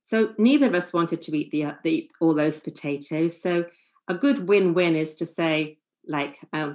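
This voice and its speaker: Calm lecturing woman, low-toned. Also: a little slow. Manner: calm, earnest, acts out short example lines. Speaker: family therapist giving a seminar talk. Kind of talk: seminar lecture.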